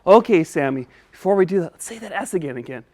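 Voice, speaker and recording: A woman's voice: on the low side, lively intonation, fast talker, a little mellow. A woman teaching a children's speech lesson, patient and encouraging, coaching step by step.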